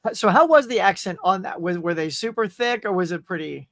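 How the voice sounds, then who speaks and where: A high-pitched man hosts a casual livestream, greeting viewers and reading chat aloud in an upbeat way. His voice is dry and close-miked. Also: lively intonation, fairly quick, fairly bright tone, dry recording. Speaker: show host.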